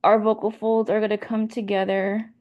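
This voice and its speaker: A young woman giving a class presentation, explaining a model slowly and step by step and repeating her points. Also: mid-range voice, flat delivery, dull audio. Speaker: student presenter.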